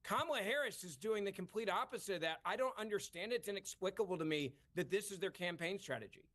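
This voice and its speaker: A man's voice: high-pitched, animated, fast, a bit bright. A man speaking as a political commentator guest in a televised debate, exasperated and argumentative.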